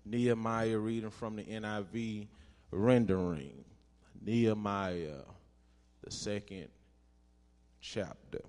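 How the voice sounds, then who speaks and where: A man's voice: fairly low pitch, takes it slowly, pauses often. A man preaching a sermon in a church, reading scripture and calling on the congregation to respond. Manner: call-and-response preaching, rising to shouts. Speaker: pastor. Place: church sanctuary. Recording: reverberant church hall.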